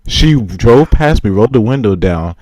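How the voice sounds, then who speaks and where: A man's voice: fairly low pitch, moderate pace, slight background noise. A young man co-hosting a casual podcast, telling stories animatedly and acting out the people in them. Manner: animated storytelling, acting out quotes and laughing. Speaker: podcast co-host. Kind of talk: casual chat.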